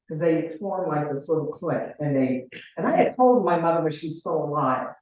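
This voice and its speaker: A woman in her sixties from Ohio, telling a personal family story in a rambling, halting way with many restarts. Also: low voice. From Ohio, United States. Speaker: caller sharing her story. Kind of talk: personal storytelling in a group call. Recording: very echoey, distant, muffled.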